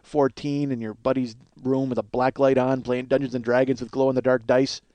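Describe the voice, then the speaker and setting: A man's voice: medium pitch, little pitch movement, a little fast, darkish tone, no room sound. A middle-aged man telling a rambling, self-mocking comic story as a podcast host. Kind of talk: casual comedic monologue.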